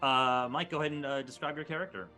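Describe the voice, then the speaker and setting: A man's voice: mid-range voice, steady tone, fast, pushed and bright, soft background music. A man running a tabletop game as game master, narrating casually with many fillers.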